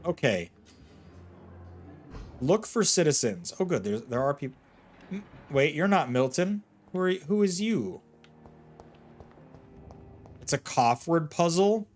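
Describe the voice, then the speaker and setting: A man streaming a video game, cracking jokes as he plays. His voice runs a bit high and swings widely, with game music faint behind him. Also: very animated, slow pace, long pauses. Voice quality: jokey, playful, given to puns and silly voices. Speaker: gaming streamer. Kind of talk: casual let's-play commentary.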